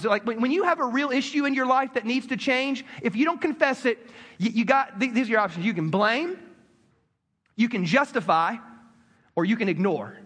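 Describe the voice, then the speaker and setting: A man with a very high, bright, forceful voice preaches a sermon in a loose, conversational way. He often restarts and repeats words, and he acts out quotes as he goes. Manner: conversational preaching with quick asides and acted-out quotes. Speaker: pastor.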